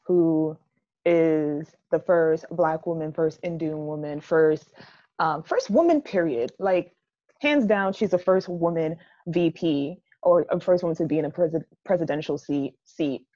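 Young woman from Jamaica, co-host, animated casual chat, mellow lowish voice, dull lo-fi recording. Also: measured pace. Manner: animated, emphatic, laughing asides. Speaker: podcast co-host. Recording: dull lo-fi sound.

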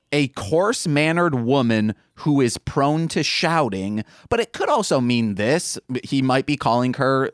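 A man co-hosting a podcast in casual chat, quick and joking, swearing and mimicking lines in funny voices. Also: mid-range voice, clean tone, no room sound, clean studio sound. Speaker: podcast co-host.

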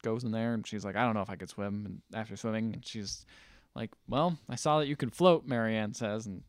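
A man's voice: on the low side, a little fast, no echo, studio quality. Man casually recapping a film. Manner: loose retelling of the plot, acting out characters' lines in passing. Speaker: podcast co-host.

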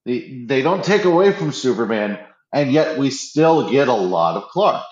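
A man's voice: medium pitch, very animated, moderate pace. A man chatting casually and eagerly about a TV show, stumbling and restarting often. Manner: enthusiastic, restarts often, acts out quotes. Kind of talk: casual pop-culture chat. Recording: roomy, slightly dull audio.

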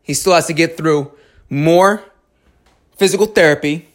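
At a measured pace, a man with a fairly high voice tells a story in a casual monologue and gives heartfelt advice meant to motivate. He's frank, curses freely, and keeps backing up to restart.

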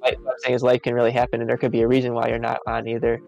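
A man's voice: medium pitch, monotone, rapid-fire, gravelly, darkish tone, faint music behind. A man co-hosting a live podcast stream, talking casually in long rambling sentences that repeat words. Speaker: podcast co-host.

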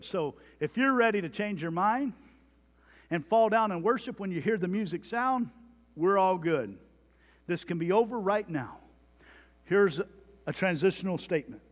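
A man's voice: sits high, expressive, moderate pace. A man preaching a sermon, reading scripture aloud with dramatic emphasis. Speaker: pastor. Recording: long hall reverb.

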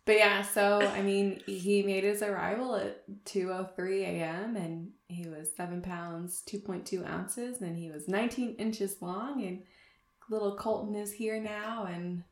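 A woman's voice: medium pitch, steady tone, unhurried, reverberant. A young woman telling her birth story in a casual chat, talking in a rambling way with many fillers and frequent laughter. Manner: chatty, lots of fillers, laughs often. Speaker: podcast co-host sharing her birth story.

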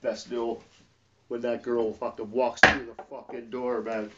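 Brief: agitated man, heavy swearing, sudden shifts from mumbling to shouting, dull lo-fi sound. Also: mid-range voice, level tone, measured pace, very noisy. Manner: profane and agitated, swinging from muttering to yelling. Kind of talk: rambling emotional rant to camera. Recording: distant, dull lo-fi recording.

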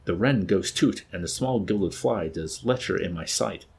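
Guy reading an angry unhinged young man, shouting and ranting, low husky voice. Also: normal speed, heavily acted. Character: enraged, unstable young man.

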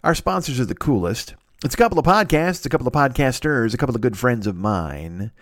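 A man's voice: medium pitch, animated, brisk, a bit bright, dry recording, clean studio sound. A man hosting a podcast who delivers a profane, mocking comedic rant about the sponsors and slang. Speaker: podcast host.

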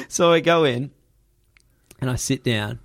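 A man with a mid-range voice speaks slowly while telling a personal story in casual chat. He's animated, laughing and swearing freely.

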